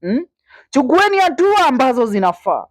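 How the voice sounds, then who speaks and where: A woman's voice: high voice, big pitch swings, normal speed, dry recording. A woman with a Kenyan accent giving indignant, opinionated news commentary, asking rhetorical questions and slipping into Swahili.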